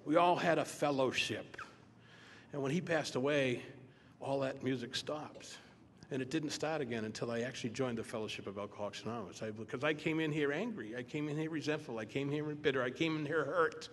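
An older man speaking at a recovery meeting, telling his own story in a halting, joking way. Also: mid-range voice. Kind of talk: personal recovery testimony. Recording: echoey hall, faint room noise.

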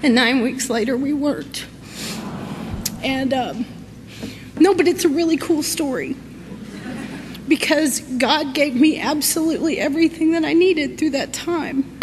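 Woman, middle-aged, high voice, telling her recovery story in an echoey hall, faint hiss. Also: a little slow, pauses often. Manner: folksy, animated, laughs through her story. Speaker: recovery meeting speaker. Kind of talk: personal recovery talk.

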